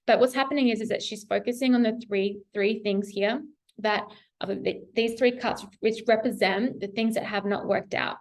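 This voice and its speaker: A fairly high-voiced young woman reads tarot cards in a loose, chatty way. She talks with plenty of fillers and small laughs, and she urges her listeners on warmly. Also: steady tone, normal speed. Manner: chatty, encouraging, laughs often, many fillers. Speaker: tarot reader. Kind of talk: casual weekly tarot reading to camera.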